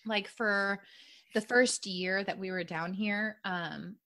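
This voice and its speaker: A woman's voice: medium pitch, fairly even intonation, slow pace, bright, forceful tone. A woman from New York with a faint New York accent, hosting a casual conversation and laughing easily. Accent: faint New York, mostly neutral. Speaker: host.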